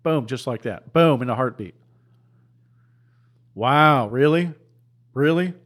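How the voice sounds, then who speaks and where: A man with a mid-range, slightly bright voice preaches slowly in impassioned commentary. His rhetoric is heated and repetitive, packed with rhetorical questions, and he often stumbles into restarts.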